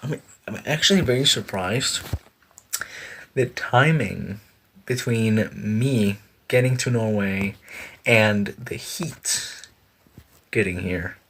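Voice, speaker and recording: A man's voice: lowish voice, takes it slowly, pauses often, a bit bright, a little hiss or hum. A young man streaming, chatting casually and rambling with lots of fillers as he laughs at himself. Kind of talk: casual live-stream chat. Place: sitting on a bed indoors.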